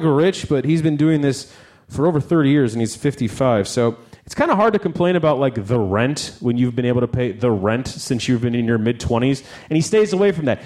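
A man hosting a live music talk, joking and swearing as he discusses an album for an audience on stage. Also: mid-range voice. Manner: animated, swearing, jokey asides.

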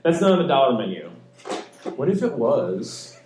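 A man's voice: medium pitch, sing-song, normal speed, echoey room, music in the background. A man hosting a podcast, teasing his guests with swearing, comic banter. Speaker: podcast host.

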